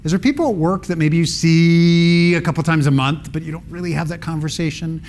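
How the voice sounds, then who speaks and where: A man's voice: fairly high pitch, brisk, a little mellow, a little hiss or hum. A middle-aged man giving a playful talk to an audience, acting out everyday dialogues with raised voices. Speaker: public speaking teacher giving a talk.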